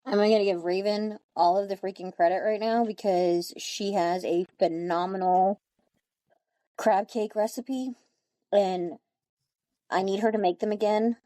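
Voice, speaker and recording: A woman's voice: medium pitch, fairly even intonation, measured pace, mellow, no room sound. A woman co-hosting a podcast over a video call, casual chat, steering the talk back on topic. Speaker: podcast co-host.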